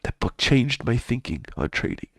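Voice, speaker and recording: A man's voice: mid-range voice, sing-song, moderate pace, a bit bright, dry recording, clean studio sound. A man hosting a live trading stream, chatting casually and with plenty of swearing, often mumbling in a half-whisper.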